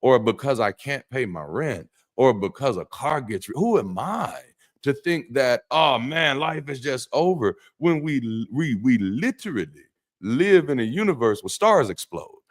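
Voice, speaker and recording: A former pastor hosting a live call-in stream delivers a monologue to the chat, slightly slowly and in a medium-pitched male voice. He uses animated emphasis, preacherly phrasing, blunt slang, and casual swearing, restarting often.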